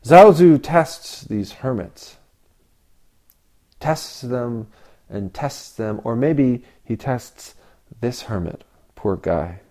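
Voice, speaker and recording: Man, Zen teacher, dharma talk, unhurried, mid-pitched, rhetorical questions. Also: expressive, dark tone. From Canada. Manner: slow, reflective, with long pauses and rhetorical questions.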